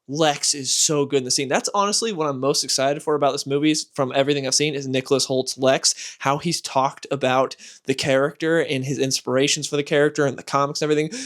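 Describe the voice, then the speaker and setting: A man giving casual, animated commentary as a comic book channel host, exasperated and ranting. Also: on the high side.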